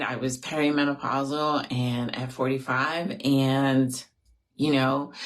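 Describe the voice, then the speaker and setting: A woman's voice: a bass voice, a bit bright. A woman in her forties hosting an affirmations talk, earnest and reflective and close to tears as she grieves, often checking in with "right?". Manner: earnest, reflective, speaks to viewers directly, often adds "right?". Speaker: host of an affirmations show. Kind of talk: heartfelt off-the-cuff talk.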